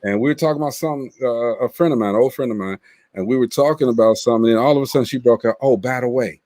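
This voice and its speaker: A man's voice: medium pitch, rapid-fire, a little mellow, no room sound. A man hosting a casual livestream chat, telling stories with playful teasing. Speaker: host.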